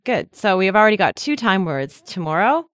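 A woman's voice: mid-range voice, big pitch swings, fairly quick, clean tone, dry recording, clean studio sound. A woman co-hosting a language lesson, chatty and explaining patiently with frequent laughs. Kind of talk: casual podcast lesson.

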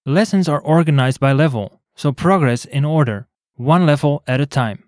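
A man co-hosting a scripted language lesson, explaining clearly and spelling words out letter by letter. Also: a little high, moderate pace, a little mellow, no echo, studio quality.

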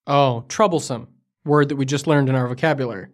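In a Beijing studio, a man co-hosts a language lesson podcast as a curious learner who keeps asking for examples. His voice sits in the mid range and moves a little fast.

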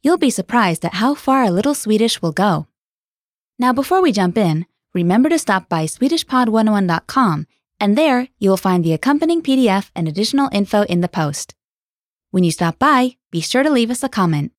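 A woman's voice: medium pitch, expressive, brisk, no room sound, studio quality. A woman reading a scripted, upbeat introduction to a language course as its host. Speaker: podcast host.

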